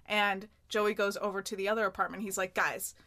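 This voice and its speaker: A woman's voice: mid-range voice, level tone, fast talker, pushed and bright. A woman with a Western New York accent, co-hosting a podcast in casual chat, acting out characters' lines in loose impressions. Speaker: podcast co-host. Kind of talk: casual chat recapping a sitcom episode.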